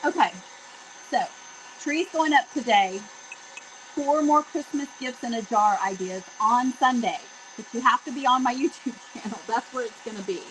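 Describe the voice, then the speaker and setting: A woman hosting a live craft stream, chatty and excitable, talking straight to her viewers. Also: a little high, moderate pace, slight background noise. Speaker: DIY craft host.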